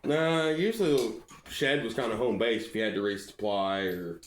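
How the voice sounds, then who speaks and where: Low-voiced man making joking asides. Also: normal speed. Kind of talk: casual chat. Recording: echoey room with faint noise.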